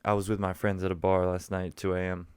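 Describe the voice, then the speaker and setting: Young jersey guy rambling jokey stories, low smooth voice, dry close sound. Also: flat delivery, quick pace, darkish tone, no echo. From New Jersey. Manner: rambling, jokey, self-interrupting. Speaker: vlogger. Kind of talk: casual storytelling vlog.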